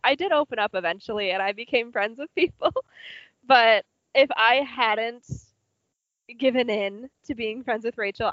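A woman's voice: a little high, pushed and bright, no echo. A young adult woman, a student literary journal editor, talks through her semester in an earnest, rambling way, full of fillers, heard over a remote call. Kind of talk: casual group reflection. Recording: dull, lo-fi, dry sound.

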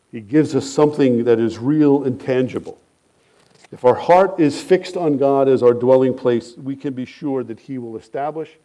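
A male pastor delivers a sermon in a medium-pitched voice, earnest and measured, with his phrases softening as they end.

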